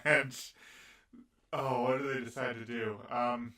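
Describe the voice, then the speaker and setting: A man's voice: medium pitch, flat delivery, measured pace, pushed and bright. A man co-hosting a podcast, adding details in a laid-back way during a casual anime review chat. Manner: laid-back, adds details to the other host's retelling. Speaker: podcast co-host. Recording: echoey room, far from the mic.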